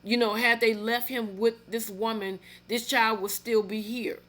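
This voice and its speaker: A woman commenting on a news story in a casual, indignant way, reading parts aloud haltingly and turning to talk to viewers. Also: on the high side, level tone, a bit bright. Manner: indignant, emphatic, with asides to viewers; reads news text aloud haltingly, with restarts.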